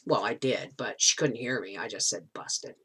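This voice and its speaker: A woman's voice: very deep voice, normal speed, a bit bright, husky. A middle-aged woman telling a rambling story in a casual vlog, with many restarts. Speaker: homesteading vlogger.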